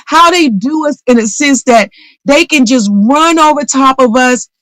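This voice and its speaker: A woman with a somewhat high voice speaks in a heated, profane rush, stacking repeated phrases to hammer her points home. Her voice sounds close and dry, with no room around it. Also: expressive, unhurried, a bit bright, dry recording, low-quality recording. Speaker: audience member in a live audio room. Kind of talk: impassioned call-in venting.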